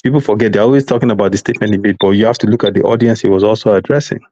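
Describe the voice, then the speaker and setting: A man's voice: lowish voice, fairly even intonation, rapid-fire, mellow, no room sound, highs cut off. A man arguing insistently on a live political panel, talking over others and repeating himself. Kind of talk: heated live panel debate.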